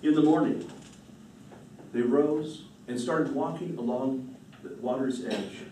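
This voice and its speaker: A man storyteller telling a myth to a live audience, relaxed and unhurried, echoing his own phrases. His voice is mellow and dark, heard from afar with a roomy echo and faint noise. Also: mid-range voice. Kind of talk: storytelling performance. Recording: roomy distant hall mic.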